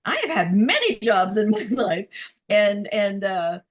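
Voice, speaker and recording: A woman sharing her views in a casual group video chat, telling stories with animated, excitable energy. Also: mid-range voice, unhurried. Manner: animated, excitable storytelling with laughs. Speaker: discussion participant.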